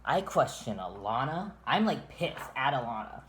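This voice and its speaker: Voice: medium pitch, very animated, moderate pace, fairly bright tone, a little hiss or hum. A vlogger telling a long personal story in casual storytime chat, rambling, swearing and restarting sentences often.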